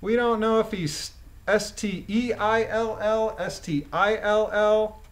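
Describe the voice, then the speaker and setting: A man with a slightly higher voice talks slowly and deliberately. He reads a court transcript aloud and keeps stopping to scoff at it with open disbelief. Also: fairly even intonation. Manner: incredulous, scoffing. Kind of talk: reading aloud with sarcastic commentary.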